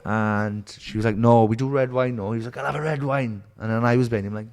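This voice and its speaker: A man's voice: mid-range voice, fast, a little mellow, clear, resonant tone. A middle-aged man with a Welsh accent from Merthyr Tydfil, a podcast guest telling stories in casual chat, swearing freely and acting out the voices of people he quotes. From Wales.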